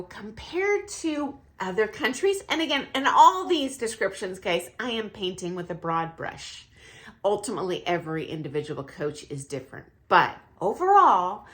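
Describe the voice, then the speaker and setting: A woman's voice: on the low side, fairly bright tone. A middle-aged woman who is a ballroom dance professional, talking casually to her viewers in a chatty, hesitant way with frequent fillers and easy laughter. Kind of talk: casual talk to camera.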